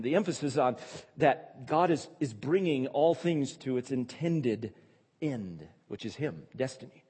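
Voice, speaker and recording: A man's voice: mid-range voice, animated, a little slow, darkish tone, slightly rough, in a large hall. A male pastor preaching a sermon, emphatic and repeating key phrases for stress.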